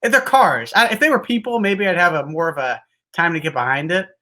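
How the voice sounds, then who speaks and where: A man's voice: a little high, expressive, fairly quick, pushed and bright. A young man hosting a casual sports talk show, rambling and hedging with lots of restarts.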